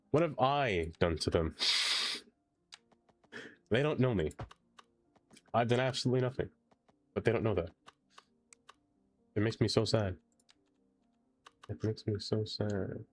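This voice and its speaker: A man live-streaming a game, chatting playfully, thanking viewers and groaning theatrically at mistakes. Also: deep voice. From not American. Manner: playful, theatrical groans, reads chat aloud. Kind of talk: casual live-stream chat while playing.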